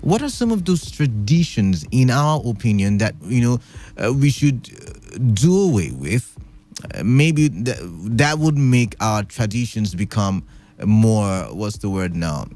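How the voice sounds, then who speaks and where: Lively low-voiced radio host. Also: male voice, unhurried. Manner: chatty, playful, rambling with many fillers. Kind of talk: casual radio talk. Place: radio studio. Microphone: studio microphone.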